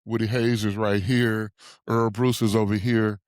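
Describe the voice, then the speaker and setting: A man's voice: lowish voice, unhurried, no room sound. Dry-sounding storytelling man in his sixties. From Ohio. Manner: animated storyteller who chuckles often. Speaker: podcast guest. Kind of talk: conversational storytelling.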